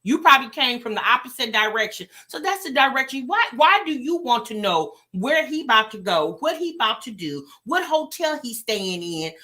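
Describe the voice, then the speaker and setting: A woman hosting a reaction channel, giving animated casual commentary straight to her viewers. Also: high voice.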